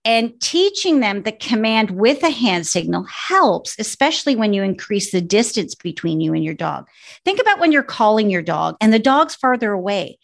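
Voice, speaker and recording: A woman dog trainer with a gravelly, fry-tinged voice. She explains each point in a steady, instructive way, in relaxed podcast conversation. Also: medium pitch, normal speed.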